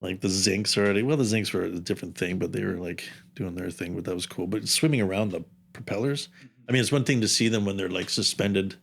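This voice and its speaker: A man's voice: low voice, fast, vocal fry, fairly bright tone, husky. A man in his fifties, a podcast guest and underwater camera operator, telling stories in a casual, rambling way with many asides. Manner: rambling, jumps around in time with asides. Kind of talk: casual storytelling interview.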